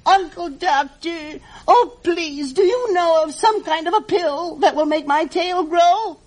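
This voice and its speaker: A woman's voice: very high-pitched, darkish tone, poor audio. A woman voicing a whiny jealous little girl bird. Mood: pleading. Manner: pleading, whiny, slow. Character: jealous young female bird, whiny and pleading. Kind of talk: storybook character reading.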